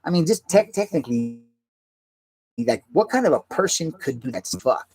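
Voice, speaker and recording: Male, rambling agitated ranter, heavy swearing, slightly high voice. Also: sing-song, normal speed, darkish tone. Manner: agitated, swears constantly, repeats himself. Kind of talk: rambling profane rant.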